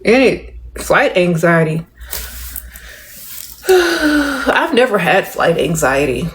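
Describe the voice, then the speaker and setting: A woman's voice: on the low side, big pitch swings. Restrained middle-aged woman streaming live. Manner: talks with little mouth movement, restrained and measured; drawling and playful, calls viewers darling and y'all. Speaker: livestream host. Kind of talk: casual livestream chat answering comments.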